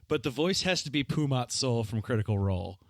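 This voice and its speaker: Man, playful, teasing, lively, dry recording. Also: mid-range voice, fairly quick, no echo. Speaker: player. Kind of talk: casual tabletop game chat.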